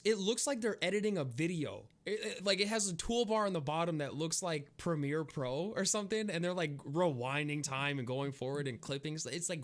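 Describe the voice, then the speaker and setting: A young man co-hosting a casual podcast, rambling with lots of fillers and frequent laughter. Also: a little high. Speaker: podcast co-host. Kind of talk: casual chat.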